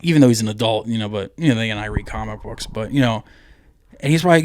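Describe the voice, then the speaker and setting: A man's voice: on the low side, fast talker, no echo, studio quality. A man co-hosting a podcast, telling crude, jokey stories and acting out the people in them. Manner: crude, jokey storyteller who acts out loud quotes. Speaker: podcast co-host. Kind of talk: casual podcast banter.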